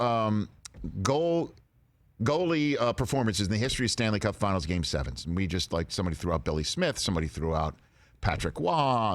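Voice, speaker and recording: A middle-aged man hosting a sports radio talk show, telling stories with lively quoted voices. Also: lowish voice. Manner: animated storytelling with quoted voices.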